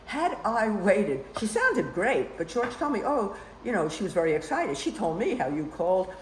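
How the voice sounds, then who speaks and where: Speaking at a moderate pace with big pitch swings, an older woman rambles through personal stories as a storytelling guest in a casual chat. She says "you know" a lot. Her pitch is medium, and the recording has a roomy echo with slight background noise.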